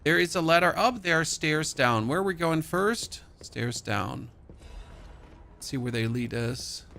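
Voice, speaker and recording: Brief: German-accented young male streamer, gravelly, chatty play-by-play, slightly high voice. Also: animated, a little slow, pushed and bright, a little hiss or hum. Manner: chatty, reads in-game notes aloud, jumpy outbursts. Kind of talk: gaming livestream commentary.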